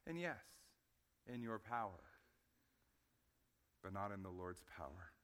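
Man, sermon, bright voice, hushed then loud, repeats words for emphasis. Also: sing-song, unhurried. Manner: building from hushed low passages to loud emphatic preaching. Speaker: pastor.

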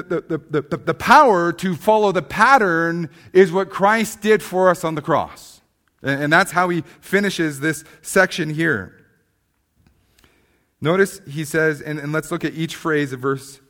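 A man preaching a sermon, swinging from emphatic, rising passages to quiet, slow stresses, often restarting on repeated words. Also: fairly high pitch. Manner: emphatic preaching, rising loud then dropping to hushed. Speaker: pastor.

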